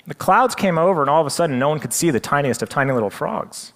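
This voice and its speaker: A male presenter telling a story with animated, dramatic delivery. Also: on the high side, fast talker, few pauses, in a large hall.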